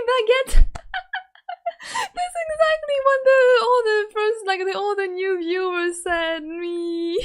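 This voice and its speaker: A young woman from France with a French accent, chatting casually and giggling often with her live-stream viewers. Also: high voice.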